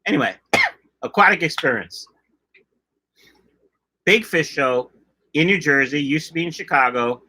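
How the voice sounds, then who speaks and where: On a casual fish-keeping livestream, a middle-aged host reads viewer comments jokingly, chatting freely and drifting off topic. His voice sits on the high side, expressive yet husky, bright and forceful, moving a little slowly with long pauses.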